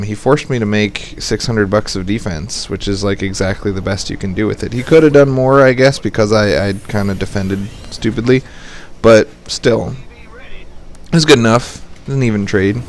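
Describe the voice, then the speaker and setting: A young man giving casual, joking commentary over a strategy game at his computer, explaining tactics. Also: a little hiss or hum. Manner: joking, playful, jumps into high squeaky voices when quoting. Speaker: game caster and coach.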